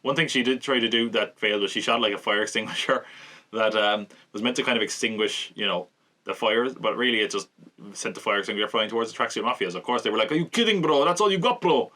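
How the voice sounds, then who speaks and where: A man hosting a podcast, casually recapping and reviewing a TV episode, chatty, laughing often and slipping into quick mock voices. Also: fairly low pitch, steady tone, pushed and bright. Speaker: podcast host.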